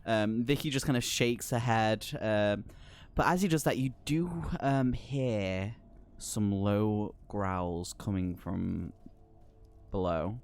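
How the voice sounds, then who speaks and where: A man narrating a tabletop horror game as game master, casual and hesitant, with many pauses and ums. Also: lowish voice, darkish tone, clear, resonant tone.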